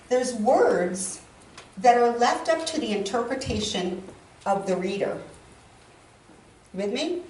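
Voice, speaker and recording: A woman's voice: mid-range voice, darkish tone. A woman delivers a talk on stage in a large hall. She is heard from some distance, with roomy reverb and a faint hum of ambience behind her. She tells her points like stories and acts out the quoted lines with emphasis. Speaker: speaker. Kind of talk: public talk.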